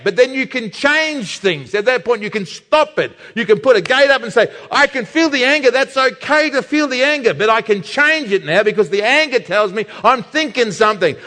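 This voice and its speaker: High, animated male preacher in a hall. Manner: emphatic, animated preaching with slowed stressed phrases. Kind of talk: sermon. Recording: reverberant hall.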